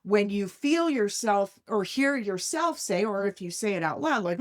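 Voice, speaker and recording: A woman hosting a life coaching podcast in casual conversation, animated, often asking "right?" and acting out inner voices. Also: mid-range voice, normal speed.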